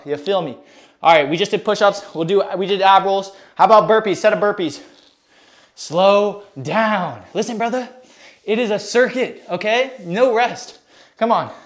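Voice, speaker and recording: A man's voice: high voice, a bit bright. A young man livestreaming a home workout, talking to chat in hyped, casual bro slang while out of breath. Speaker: fitness streamer. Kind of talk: live workout stream chat.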